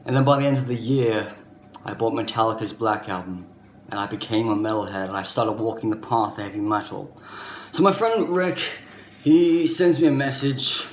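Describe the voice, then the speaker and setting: A man's voice: lowish voice, normal speed. A man in his thirties with an Australian accent, telling a personal story to camera in an earnest, rambling way, often leaning on "basically" and "you know". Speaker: vlogger. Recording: echoey room with faint background noise.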